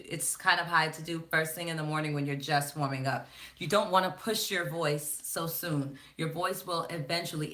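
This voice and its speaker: A woman vocal coach with a Southern US accent, giving a live-streamed warm-up lesson to a phone camera in a relaxed coaching manner. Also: low voice. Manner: relaxed coaching talk broken by sung warm-up drills. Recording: instrument music playing behind.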